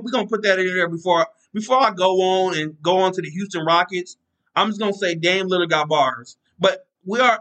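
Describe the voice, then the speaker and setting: A man's voice: on the high side, sharp tone, low-quality recording. A man hosting his own podcast, talking casually and rambling, often repeating himself and joking about himself. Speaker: podcast host. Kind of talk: casual solo sports talk.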